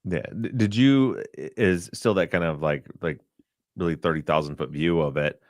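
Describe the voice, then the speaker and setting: A man hosting a podcast, talking loosely and haltingly, with restarts as he asks his guest questions. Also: low-pitched, dry recording, clean studio sound. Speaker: podcast host. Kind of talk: casual podcast conversation.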